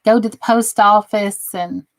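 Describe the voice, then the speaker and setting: Southern woman, slow, teasing and dry. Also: mid-range voice, steady tone, no room sound. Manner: teasing, sarcastic, then earnest and encouraging. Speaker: crafting channel host. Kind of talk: casual chat with viewers while crafting.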